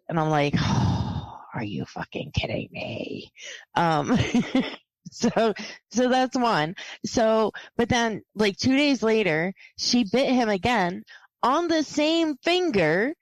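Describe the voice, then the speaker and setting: Podcast woman talking real slow, kinda high gravelly voice, laughing and fed up. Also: no room sound, poor audio. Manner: slow, laughing, exasperated storytelling. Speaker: podcast co-host. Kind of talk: casual chat.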